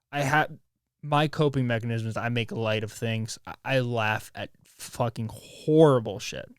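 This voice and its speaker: Speaking in a mid-range, clean-toned voice, this man in his twenties runs a solo podcast where he talks openly and rawly, wandering off topic, restarting often and cursing. The sound is studio quality without echo.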